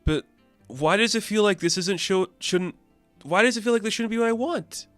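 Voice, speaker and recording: A sick little boy, tearful and confused, stammering pleading questions in a voice pitched well above the speaker's own, as a man puts him on for a comic recap. The delivery is halting and broken. The room sounds dry and close, with faint music underneath. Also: fairly bright tone, no room sound. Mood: distressed.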